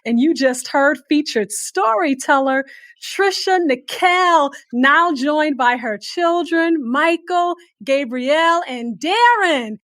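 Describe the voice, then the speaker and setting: A woman host reads scripted introductions of each storyteller. Her voice is fairly high and she speaks slowly and deliberately. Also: lively intonation, a bit bright, no room sound. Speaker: show host. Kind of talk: scripted announcing.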